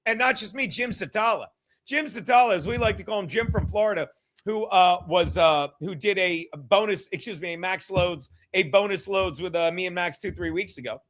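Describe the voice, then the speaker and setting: His voice sits high and fairly bright, moving at a moderate pace. As host of a livestreamed comedy show, he casually reads viewer donations, thanking people, swearing, rambling and laughing often between remarks.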